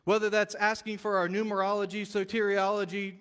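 A man preaching a sermon as pastor, telling the story in a lively, casual way and acting out the quotes. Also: high voice, fairly quick, clean tone, big-room sound. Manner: animated storytelling, casual slang, acts out quotes. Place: church sanctuary.

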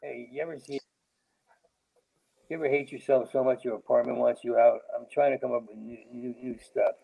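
A male comedian with a gravelly, fry-edged voice. He tumbles through a manic, rambling riff and stammers over sounds and whole words as he leaps from one idea to the next. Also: mid-range voice, steady tone, a little fast, dark tone, low-quality recording. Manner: manic, jumps between topics. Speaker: comedian guest. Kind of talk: rambling stream-of-consciousness comedy riffs.

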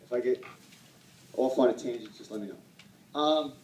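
A man's voice: mid-range voice, moderate pace, a little mellow, roomy sound, far from the mic, a little hiss or hum, low-quality recording. A man telling a personal story to an audience at an event, self-deprecating and rambling, laughing often. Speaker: speaker at a sales event.

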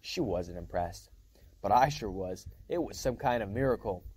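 A man's voice: lowish voice, animated, normal speed, darkish tone, breathy edge. A man reading a novel aloud in a casual first-person storytelling manner, with small slips and restarts. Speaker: reader.

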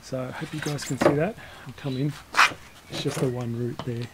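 A man's voice: medium pitch, steady tone, normal speed, heavy background noise. A man hosting a bonsai channel, talking casually through a hands-on demonstration, rambling and correcting himself with small chuckles as he works. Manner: rambling, self-correcting, chuckles while working.

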